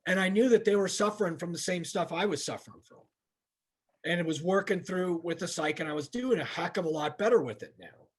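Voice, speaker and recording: Middle-aged male instructor, earnest and plainspoken, slightly raised pitch, candid training-talk delivery. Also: a little fast, breathy edge. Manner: earnest, plainspoken, restarts often. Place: training session room.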